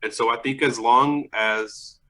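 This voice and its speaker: A man's voice: mid-range voice, steady tone, unhurried, sharp tone, poor audio. A young man in a casual podcast interview, talking loosely about selling vintage clothes, swearing and laughing often. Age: young adult.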